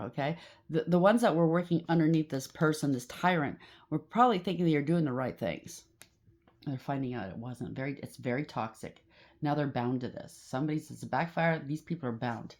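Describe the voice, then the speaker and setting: A woman's voice: low voice, expressive, a little fast, darkish tone. A woman doing a casual tarot reading, blunt and emphatic, with a lot of repetition as she calls out the cards. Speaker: tarot reader.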